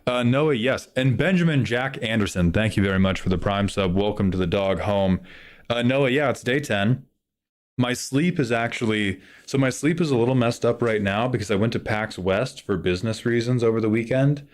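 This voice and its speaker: A man streaming live in casual chat, joking loosely with some swearing and excitable bursts. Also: mid-range voice, moderate pace.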